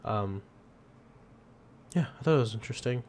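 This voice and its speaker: A man's voice: mid-range voice, expressive, normal speed, a little mellow, slight background noise. A young man co-hosting a podcast, chatting casually, rambling with frequent laughs and the odd swear. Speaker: podcast co-host. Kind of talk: casual chat.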